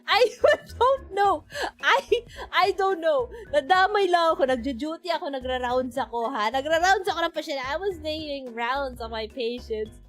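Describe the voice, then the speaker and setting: A woman's voice: sits high, expressive, moderate pace, faint music behind. A woman in her twenties with a Filipino accent, a medical resident telling a casual, laughing story on a stream, switching between English and Filipino. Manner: laughs a lot, mixes English with Filipino, acts out quotes.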